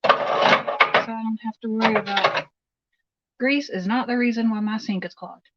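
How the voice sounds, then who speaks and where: A woman's voice: fairly high pitch, steady tone, measured pace, sharp tone, lo-fi sound, a little hiss or hum. A middle-aged woman chatting casually as she cooks in her home kitchen, rambling and answering viewer comments on her phone livestream. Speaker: livestream host. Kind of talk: casual chat while cooking.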